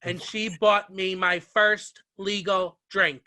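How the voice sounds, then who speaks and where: A male interviewer with a high, bright voice, recorded close and dry with no room sound. He talks in a chatty, story-telling way, warm to his guest. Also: little pitch movement, takes it slowly, no echo. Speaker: interviewer, host. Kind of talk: casual interview.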